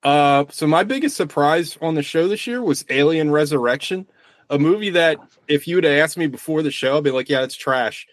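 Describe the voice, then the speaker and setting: Excitable, profane man on a podcast. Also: on the high side, brisk, no echo. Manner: excitable, profane, lots of filler "like". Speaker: podcast co-host. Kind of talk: casual movie podcast chat.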